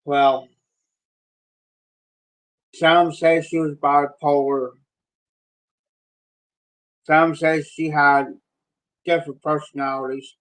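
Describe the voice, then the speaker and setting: A middle-aged man telling a rambling, folksy story on a live stream, with pauses and restarts. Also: fairly high pitch, flat delivery, fairly bright tone, poor audio. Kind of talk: casual spoken storytelling.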